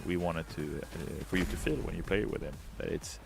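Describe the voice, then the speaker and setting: A man's voice: deep voice, moderate pace, vocal fry, noisy background. A man, a game developer on a livestream, chatting casually, joking and reading out chat comments. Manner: chatty, jokey, reads chat aloud.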